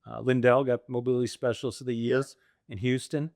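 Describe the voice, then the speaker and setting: Middle-aged American man, lively storyteller, laughs a lot, dry close recording. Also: medium pitch, fairly quick, no echo. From United States. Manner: animated storyteller acting out quoted voices, laughs often. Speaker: franchise owner guest. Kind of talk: casual storytelling interview.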